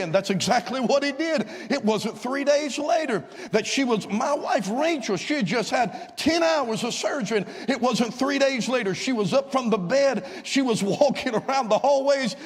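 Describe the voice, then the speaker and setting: A man, a visiting evangelist, telling a story in a fervent revival sermon that rises to shouts of praise, recorded in a church. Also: very high-pitched, expressive, moderate pace, hardly any pauses. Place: church sanctuary. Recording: long church-hall reverb.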